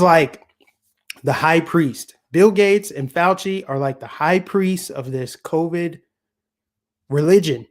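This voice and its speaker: A man hosting a solo political commentary show, talking casually with a sarcastic tone and lots of rhetorical questions. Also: fairly high pitch. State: voice getting scratchy.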